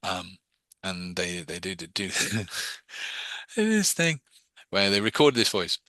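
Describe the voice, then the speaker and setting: A man teaching hypnosis in a casual online class, talking conversationally with quick asides over a video call. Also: sits low, very animated, pushed and bright, no room sound.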